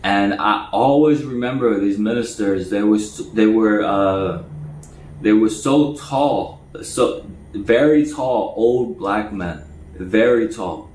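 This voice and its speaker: Man, stutters and repeats himself, casual storytelling, lowish voice, echoey room, faint background noise. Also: slow pace, darkish tone. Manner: stuttering, repeats words often. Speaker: storyteller recounting jail time.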